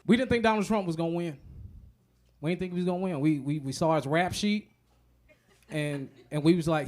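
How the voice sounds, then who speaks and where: A man doing a stand-up comedy set, profane and animated, acting out the voices of other people. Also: fairly high pitch, fairly quick, pauses often.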